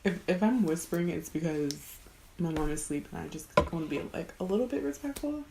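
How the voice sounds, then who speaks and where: A young woman from Houston, chatting excitedly through a makeup tutorial and sometimes dropping to a whisper. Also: fairly low pitch, brisk, creaky, roomy sound, slight background noise. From Houston, Texas. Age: young adult. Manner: excitable, exclamatory, often drops to a whisper. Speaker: beauty vlogger. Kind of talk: casual makeup tutorial chat. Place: bedroom at home, at night.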